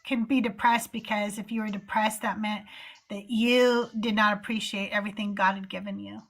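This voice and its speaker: A woman's voice: mid-range voice, little pitch movement, normal speed. A woman hosting a live call-in show, chatting casually and getting emphatic, swearing when worked up. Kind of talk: casual chat.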